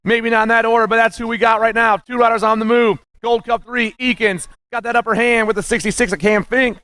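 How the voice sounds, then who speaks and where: A man calling live races as the announcer, excited and punchy, rattling off names and nicknames. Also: very high voice, a little fast, no echo, studio quality. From USA. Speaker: race announcer. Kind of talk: live race commentary.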